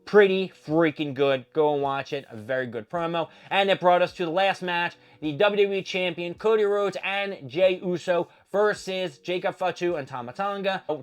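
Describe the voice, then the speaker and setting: A man with a slightly high voice hosts his own recap show. He talks casually and with a lot of energy, swearing freely and jumping into quick impressions as he runs through the matches. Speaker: show host.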